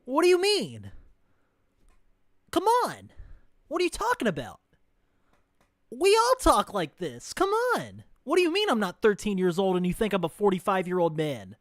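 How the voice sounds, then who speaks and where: A man's voice: high voice, huge pitch swings, moderate pace, long pauses, a bit bright, dry recording, clean studio sound, voice pushed up, heavily acted. A man voicing a creepy grown man who poses as a friendly schoolboy, in a mocking, wheedling sing-song. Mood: mock innocent.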